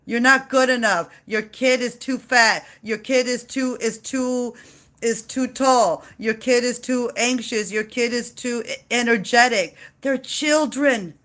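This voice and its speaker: A woman's voice: fairly high pitch, measured pace, fairly bright tone. Woman, impassioned rant, blunt and profane, repetitive delivery. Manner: passionate, blunt, swears freely, repeats herself. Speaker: mother ranting on video. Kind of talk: heated monologue rant.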